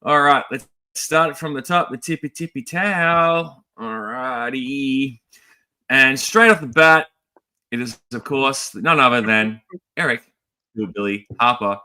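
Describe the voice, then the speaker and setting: Aussie guy cohosting a toy stream, bright punchy voice, jokey, rattling off hellos. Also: mid-range voice, takes it slowly, clean tone. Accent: Australian. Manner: lively, jokey, rattling off greetings. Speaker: co-host of toy livestream. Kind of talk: casual livestream chat.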